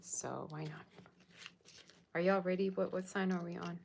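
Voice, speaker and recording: A woman's voice: lowish voice, fairly even intonation, normal speed, creaky. A woman tarot reader chatting casually on a livestream, reading viewer comments aloud and answering them. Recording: faint background noise.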